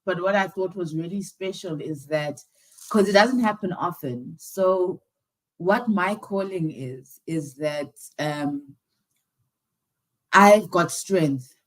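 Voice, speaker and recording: Halting, teary woman hosting a live stream. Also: lowish voice, poor audio. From South Africa. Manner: halting, with many sighs and pauses. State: teary, close to crying. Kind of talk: casual live-stream talk.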